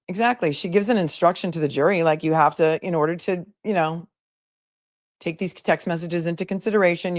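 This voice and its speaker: A woman's voice: lowish voice, no echo, clean studio sound. A woman attorney hosting a live commentary stream, chatting casually and sarcastically while reading viewer comments aloud.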